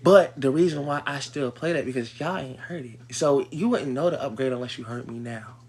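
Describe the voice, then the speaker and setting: A man on a livestream, ranting in a heated, profane way, dropping to low mutters and then breaking into loud outbursts. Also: fairly quick, breathy edge. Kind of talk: livestream rant.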